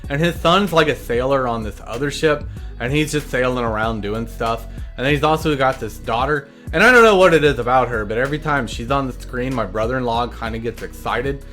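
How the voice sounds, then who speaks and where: A man hosting a comedic episode recap, telling it in a deadpan, meandering way full of side stories. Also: medium pitch, a little fast, faint music behind. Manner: deadpan, meandering storytelling with asides.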